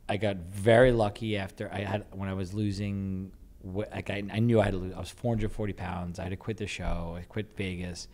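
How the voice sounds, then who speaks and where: Middle-aged guy cohosting, kinda low voice, rambles with likes and you knows. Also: fairly quick. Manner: excitable, rambling, lots of filler words. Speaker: podcast co-host. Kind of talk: casual chat.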